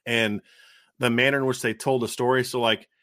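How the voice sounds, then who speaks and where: A man's voice: mid-range voice, little pitch movement, brisk, fairly bright tone, dry recording, studio quality. A man in his thirties co-hosting a casual football podcast, talking emphatically and repeating his points. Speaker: co-host of a college football show.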